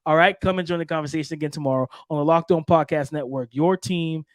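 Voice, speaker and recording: A man's voice: a little high, quick pace, no room sound. A man hosting a daily sports podcast, talking in a hyped, repetitive way straight to his listeners. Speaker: podcast host.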